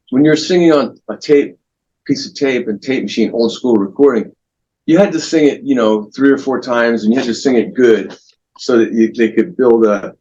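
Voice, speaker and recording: A man being interviewed as a guest guitarist, telling long anecdotes in a rambling, relaxed way with many restarts. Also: mid-range voice, slightly rough, dull audio.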